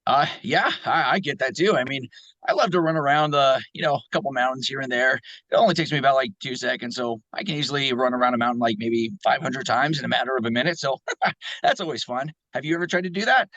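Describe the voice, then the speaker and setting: A man's voice: medium pitch, fast talker, bright, forceful tone, no echo, pitched above the performer's own voice. A man doing Sonic, boastful hedgehog hero. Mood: cocky. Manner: boastful, breezy. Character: cocky young male hedgehog speedster hero. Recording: dull, dry phone-app sound.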